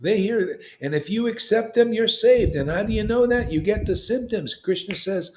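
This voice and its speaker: In a casual devotional talk, a male spiritual teacher speaks animatedly at a moderate pace with few pauses. He uses colloquial language, asks plenty of rhetorical questions, and lifts his pitch for emphasis.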